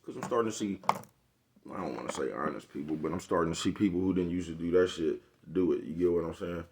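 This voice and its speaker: Low-pitched and fast, with a darkish tone, this man rants comedically to camera in a casual vlog over a little hiss or hum. He laughs often, uses profane street slang, and keeps saying "you know what I'm talking about."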